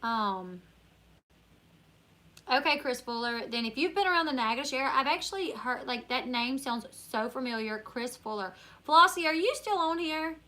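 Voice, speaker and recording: A woman's voice: high-pitched, animated, moderate pace, sharp tone. A tired woman from Northern Louisiana with a country accent, hosting a casual live-stream Q&A, chatting and reading viewer comments aloud. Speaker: YouTuber live-stream host.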